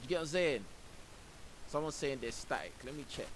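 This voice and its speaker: A man's voice: mid-range voice, animated, fairly quick. A man streaming and reacting to a clip, ranting indignantly and saying "bro" a lot. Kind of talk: reaction commentary on a livestream. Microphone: own microphone. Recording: faint hiss.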